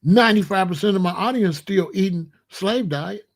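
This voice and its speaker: Speaking as host of his own show, a man in his sixties rambles through a laid-back monologue with a high voice. He leans hard on his points, says them more than once, and stretches words for effect.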